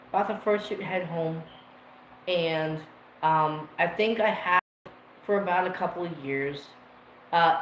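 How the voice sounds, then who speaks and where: Rambling emotional man in an echoey room. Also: fairly high pitch. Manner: rambling, emotional, swears freely. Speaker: livestream host. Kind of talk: casual storytelling to a live chat. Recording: roomy echo with faint ambient noise.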